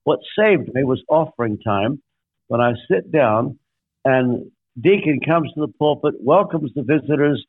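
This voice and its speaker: A man's voice: medium pitch, expressive, a little slow, dry recording. An older man, a guest pastor, telling a story in a sermon-like way, making emphatic numbered points and acting out quotes. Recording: dry, tinny phone-like line.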